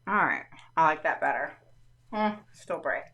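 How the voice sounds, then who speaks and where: A woman's voice: low voice, animated, moderate pace, bright, forceful tone. A woman hosts a casual live stream, explaining things step by step and often checking in with her viewers. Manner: explanatory, keeps checking in with "all right". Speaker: host of a parenting live stream. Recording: roomy, slightly distant mic.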